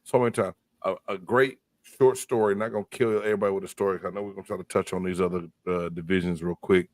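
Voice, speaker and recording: A man, a former pro football player, talking casually and emphatically on a sports podcast, with street slang and animated outbursts. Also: sits low, fast talker, dry recording.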